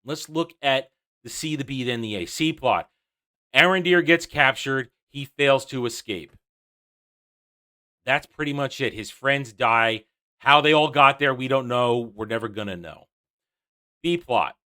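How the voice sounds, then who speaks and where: A man's voice: mid-range voice, a little slow, pauses often, sharp tone. A man reviewing a TV episode, sarcastic and exasperated, recapping scenes with frequent restarts. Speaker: YouTube reviewer.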